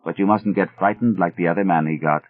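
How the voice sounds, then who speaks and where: A man's voice: deep voice, fast talker. A man doing a grave bearded villager. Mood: earnest. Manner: steady, blunt and earnest. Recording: thin phone-like audio.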